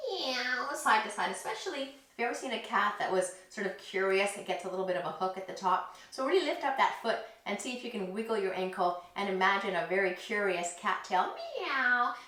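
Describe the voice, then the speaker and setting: Gentle, playful kids yoga teacher. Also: female voice, medium pitch. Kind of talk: guided yoga story for children. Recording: echoey room, distant mic.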